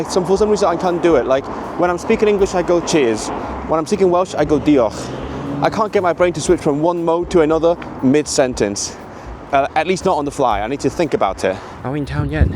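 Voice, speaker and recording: Chatty young man vlogging outdoors. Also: on the high side. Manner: chatty, thinking aloud, self-talk while walking. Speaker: language vlogger. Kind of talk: casual vlog monologue. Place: outdoors in town streets at dusk. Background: wind, traffic and faint music.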